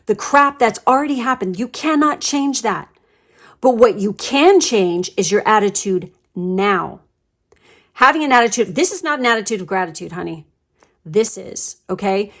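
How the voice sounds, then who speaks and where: A woman at a middle pitch talks through a pick-a-card tarot reading. Her delivery is blunt and emphatic, full of swearing and fillers. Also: moderate pace. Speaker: tarot reader.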